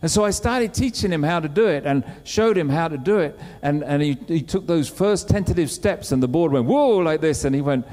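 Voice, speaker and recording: A man preaching a sermon, telling a story with lively acted-out quotes. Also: a little high, fairly quick, few pauses. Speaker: pastor. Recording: long hall reverb.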